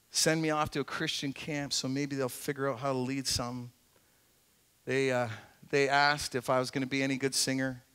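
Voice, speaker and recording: A middle-aged man preaching as a pastor in a church, earnest and conversational, swinging between emphatic points and quiet asides. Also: mid-range voice, clear, resonant tone. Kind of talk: sermon. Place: church sanctuary.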